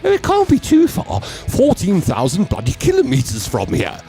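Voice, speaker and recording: A man putting on a high, bossy old woman's voice, playing a pompous elderly British leader giving war orders. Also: huge pitch swings, moderate pace, vocal fry, dark tone, faint music behind, exaggerated voice. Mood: imperious.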